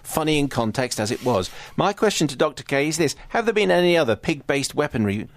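A man presenting a live radio show, reading listener messages and news updates in a brisk, wry manner. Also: on the high side, very animated. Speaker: radio host.

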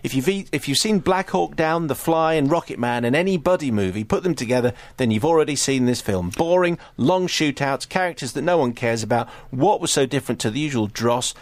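A man presenting a live radio show, reading listener messages and news updates in a brisk, wry manner. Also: mid-range voice, lively intonation, no room sound. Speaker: radio host.

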